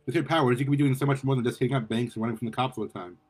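A man's voice: medium pitch, fairly even intonation, very fast, husky, close to an everyday voice. A man reading aloud and voicing an earnest masked heroine who pleads with a rival in a lifted voice.

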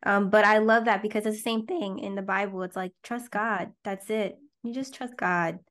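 A woman co-hosting a podcast, chatting casually and telling personal stories in an open, expressive way. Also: medium pitch, normal speed. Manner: expressive storyteller, warm and open. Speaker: podcast co-host.

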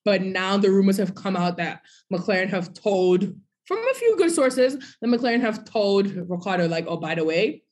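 A woman co-hosting a podcast in casual chat, animated, breaking into sung bits and mock quotes. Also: mid-range voice, moderate pace. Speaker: podcast co-host.

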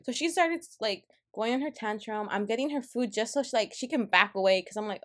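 A woman's voice: on the high side, fairly quick, few pauses. A young woman co-hosting a podcast, chatting casually and telling a work story with lots of acted-out quotes. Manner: animated storytelling, acts out quoted people. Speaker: podcast co-host. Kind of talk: casual chat.

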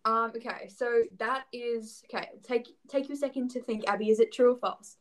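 A young woman with an Australian accent chats on a casual podcast. Her voice sits a little high, and she keeps filling her sentences with "like" and small giggles. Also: fairly even intonation, moderate pace, low-quality recording. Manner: chatty, lots of "like" fillers, giggly. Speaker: podcast co-host. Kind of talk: casual chat.

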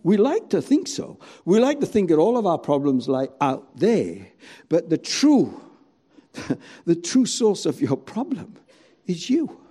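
A man preaching a sermon with a lively, swinging delivery and a mellow, dark tone. He asks rhetorical questions and acts out quoted voices. His pitch sits a little above the usual for a man. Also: takes it slowly, breathy edge. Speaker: pastor.

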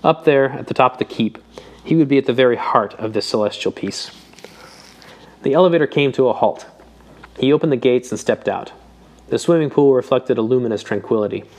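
A man narrates an audiobook, reading literary prose in a voice of ordinary pitch. His pace is steady and measured, and his scripted delivery remains even and composed from start to finish.

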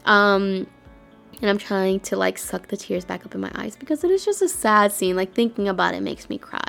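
A woman's voice: fairly high pitch, animated, moderate pace, gravelly, fairly bright tone, faint music behind. A woman hosting a casual chat, talking in emotional, rambling bursts. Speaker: podcast host.

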